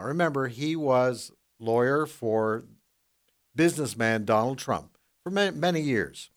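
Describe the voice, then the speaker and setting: A man hosting a political talk radio show, delivering the news in a measured way and laughing often. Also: medium pitch, fairly bright tone.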